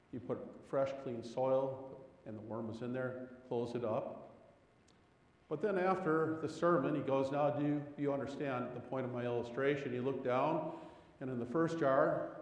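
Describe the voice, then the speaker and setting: A man's voice: echoey room, in a large hall, muffled recording. A man preaching a sermon as a pastor, telling stories and pressing rhetorical questions with rising emphasis. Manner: animated storytelling, rising pitch on rhetorical questions.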